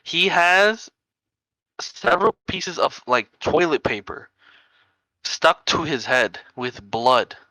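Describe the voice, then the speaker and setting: Bright-voiced young man telling stories. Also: fairly high pitch, expressive, slow, no room sound, poor audio. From New York area. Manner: rambling, laughing anecdotes full of "like" and "bro". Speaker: podcast co-host. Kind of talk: casual storytelling chat.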